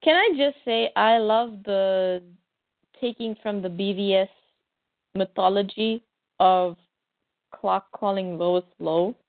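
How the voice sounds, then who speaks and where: A woman co-hosting a casual chat, chatty and quick to chime in. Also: mid-range voice, no room sound. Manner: slow, chatty, with interjections. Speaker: comics podcast co-host. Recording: tinny phone-like line, dry.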